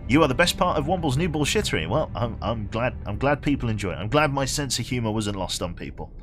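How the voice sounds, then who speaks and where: A man's voice: mid-range voice, expressive, fast talker, over music. A young man with a Birmingham accent chatting casually with viewers while he streams a game, self-mocking, laughing often and swearing freely. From England. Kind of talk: casual live-stream chat while playing.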